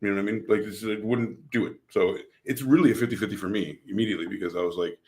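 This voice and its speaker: A man co-hosting a casual podcast, joking, swearing freely and thinking out loud. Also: on the low side, quick pace. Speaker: podcast co-host.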